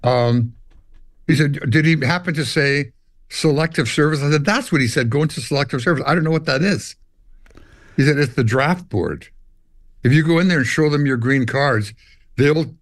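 Older canadian guy spinning a long road story, acts out the voices, kinda high-pitched, dry sound. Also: no room sound. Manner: animated storyteller, acts out dialogue and hums riffs. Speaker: musician guest. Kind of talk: storytelling interview.

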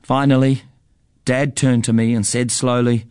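A man narrating a first-person story in a measured, expressive way. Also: medium pitch, smooth, no echo, clean studio sound.

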